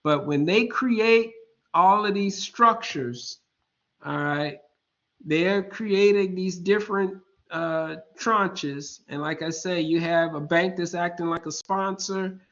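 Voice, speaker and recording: A man in his fifties teaches an online class, taking his time over every point and regularly pausing to ask if students are following. His voice sits a little high, and he talks at a slow, unhurried pace. The audio is dull and lo-fi, as though captured through a computer mic. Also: a bit bright. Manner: slow, deliberate explaining, keeps checking in with "all right?"; informal and joking asides. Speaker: lecturer. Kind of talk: online lecture.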